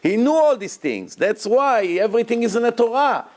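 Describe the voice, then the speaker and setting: Extremely high-pitched and very animated, this man lectures a congregation on Torah at a moderate pace. As a rabbi he is emphatic, repeats words for emphasis, speaks with non-native grammar, and breaks into loud, dramatized shouting of prayers and quotes.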